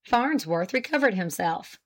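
A woman narrating an old novel aloud in a steady, measured storytelling manner. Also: medium pitch. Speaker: audiobook narrator.

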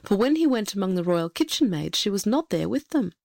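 A woman narrating a fairy tale in a measured, expressive storytelling manner. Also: mid-range voice, creaky, dry recording, clean studio sound.

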